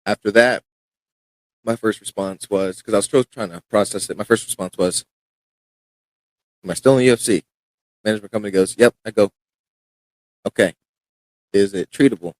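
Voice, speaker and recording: A young man tells a long personal story in a loose, casual way, stumbling over restarts and acting out what others said. His voice sits fairly low. The sound is dry and close, with no room around it. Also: moderate pace, long pauses, a little mellow, no echo, poor audio. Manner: rambling, frequent restarts and fillers, acts out quoted dialogue. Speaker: podcast guest, MMA fighter.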